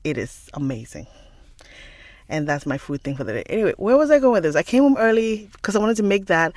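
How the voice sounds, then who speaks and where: A woman's voice: on the low side, sing-song, a little fast, darkish tone, dry recording. A woman hosting a book channel, telling a long rambling story in casual chat, laughing often.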